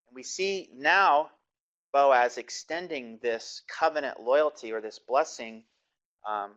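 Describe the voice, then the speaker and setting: A man's voice: medium pitch, a bit bright, low-quality recording. A man giving a recorded Bible lecture, reading passages aloud and explaining them with frequent fillers and restarts. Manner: reads scripture aloud, then explains it with many fillers and restarts.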